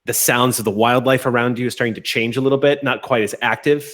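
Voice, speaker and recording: A man at a middle pitch runs a tabletop game as its game master. He narrates the scene in a relaxed, descriptive way and stops to explain the rules. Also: fast talker.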